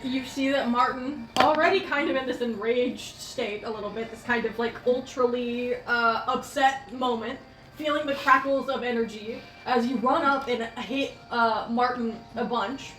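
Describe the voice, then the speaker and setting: A woman's voice: a little high, steady tone, moderate pace, fairly bright tone. A woman running a tabletop game as game master, talking casually with lots of fillers and laughs. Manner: casual, giggly, filler-heavy. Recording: echoey room, far mic, music behind.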